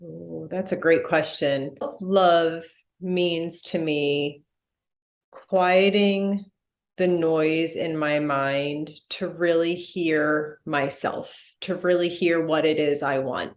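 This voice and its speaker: A woman's voice: sits low, steady tone, slow pace. A woman in her forties, a death doula talking in a podcast interview, speaking earnestly and reflectively. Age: 40s. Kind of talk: candid podcast conversation.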